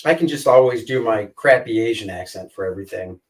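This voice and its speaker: A man's voice: on the low side, fairly quick, recorded from a distance, poor audio. Joking male comic show co-host. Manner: joking, rambling, crude banter. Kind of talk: casual chat.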